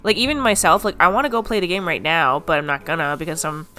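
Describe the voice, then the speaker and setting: A woman co-hosting a casual chat about video games, chatty and quick to laugh, with lots of likes and restarts. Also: on the low side, pushed and bright, faint music behind. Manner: chatty, full of fillers and laughter. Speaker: podcast co-host.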